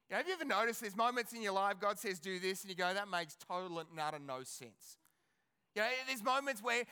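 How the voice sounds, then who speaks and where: A male pastor preaching a sermon in an animated, conversational way, asking his congregation rhetorical questions. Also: high voice, clean tone.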